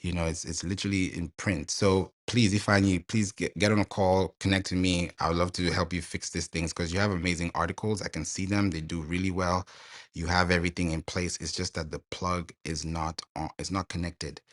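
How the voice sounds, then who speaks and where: Man, deep low voice, eager guest expert, live online audio chat. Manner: energetic, fast, excitable explaining.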